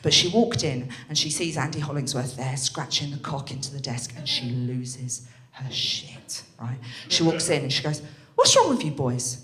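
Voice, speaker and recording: A woman's voice: a bass voice, moderate pace. A young woman doing a brash, crude stand-up comedy set on a club stage, talking into a handheld mic. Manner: brash, crude and animated, with bursts of laughter. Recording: echoey club room.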